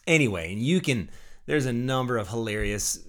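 A man's voice: mid-range voice, lively intonation, brisk. A man, a pastor, hosting his podcast in a chatty, jokey, self-deprecating monologue. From Midwestern United States.

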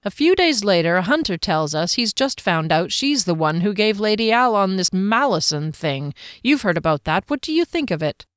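A woman's voice: medium pitch, sing-song, normal speed, hardly any pauses, smooth, no room sound, studio quality, natural voice. A woman voicing a blunt, casual-talking male soldier with slangy, wry speech.

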